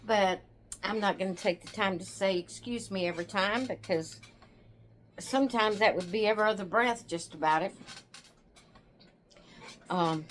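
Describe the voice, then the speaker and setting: A tired woman hosting her own channel, chatting to viewers in a rambling, relaxed way and yawning now and then. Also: medium pitch, slight background noise. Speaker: doll channel host. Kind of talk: casual chat to viewers.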